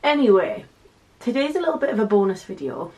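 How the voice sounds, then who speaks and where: A woman's voice: mid-range voice, sing-song, rapid-fire, mellow. A woman in her twenties with a North East English accent, chatting casually to her viewers with wry asides. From North East England. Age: 20s. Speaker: channel host. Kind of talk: casual chatty vlog unboxing.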